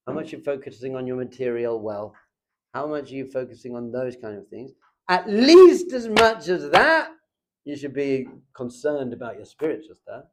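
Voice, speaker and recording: A man teaching a lively Torah class in a classroom. He acts out little scenes and chuckles often as he talks. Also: medium pitch.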